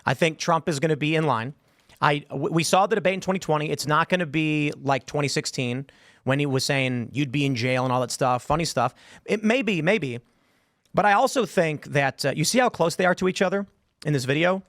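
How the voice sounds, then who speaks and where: A man's voice: a little high, brisk, fairly bright tone, dry recording, clean studio sound. A male show host in casual panel chat, emphatic and repeating words as he argues.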